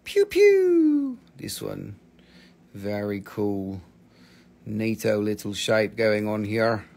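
A man's voice: on the low side, monotone, slow pace, gravelly. A man selling stones on a live shop stream, in joking patter with playful broken English. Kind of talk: live sales pitch.

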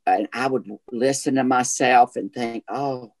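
A man with a Southern US accent and what he calls a gay voice, telling stories in a chatty, animated way as an actor guest in an interview. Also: mid-range voice, a little slow, a little hiss or hum. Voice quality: self-described gay voice. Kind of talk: casual interview chat.

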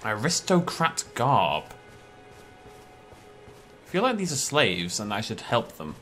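A man's voice: fairly low pitch, huge pitch swings, brisk, sharp tone, soft background music. A man giving casual let's play commentary, chatting to the characters on screen and breaking into sudden alarmed outbursts. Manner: chatty, talks to enemies, jumpy outbursts. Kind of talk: live gameplay commentary.

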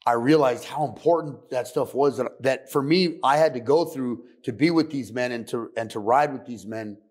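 A man from California, a podcast guest, telling his story candidly in a soft-spoken, profane, reflective way. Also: mid-range voice, normal speed, breathy edge. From San Fernando Valley, California.

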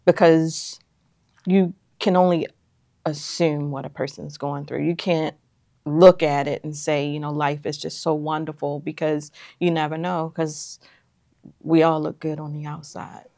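A middle-aged woman, chatting casually as co-host in a calm, reflective way. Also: deep voice, unhurried, gravelly, dry recording, studio quality. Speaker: co-host, mother. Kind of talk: casual chat.

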